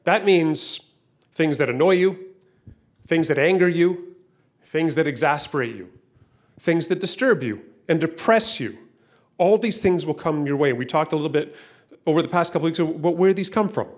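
A man's voice: on the high side, animated, normal speed. A man preaching a sermon as pastor to a church room and online viewers, talking casually and often repeating words. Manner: conversational, repeats words, acts out voices in stories.

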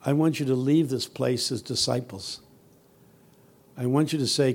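A man giving a sermon as a guest preacher, telling humorous stories that build from quiet, earnest passages to loud, shouting ones. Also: medium pitch, fairly even intonation, normal speed, long pauses. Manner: humorous, teasing the audience.

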